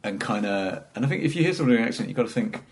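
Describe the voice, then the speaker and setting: Man, middle-class english accent with south east london tinge, low voice, animated, self-deprecating guest. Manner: rambling, self-deprecating, halting restarts. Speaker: stand-up comedian guest. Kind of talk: casual podcast chat.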